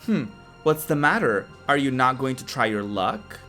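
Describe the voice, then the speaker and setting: A woman's voice: a bass voice, big pitch swings, moderate pace, a bit bright, faint music behind, full character voice. A woman reading the lines of a gloating male villain knight from a game, with taunting laughter and mockery. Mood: mocking.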